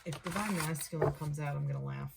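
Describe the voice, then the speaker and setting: Woman, tarot reader, casual reading, slightly low voice, gravelly, thinks aloud, excitable. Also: quick pace, heavy background noise.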